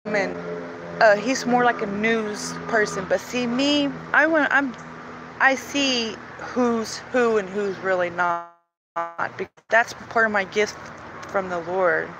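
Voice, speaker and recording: A woman's voice: mid-range voice, steady tone, takes it slowly. Earnest rambling woman, faint vehicle hum. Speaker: vlogger sharing religious visions. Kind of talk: emotional personal monologue.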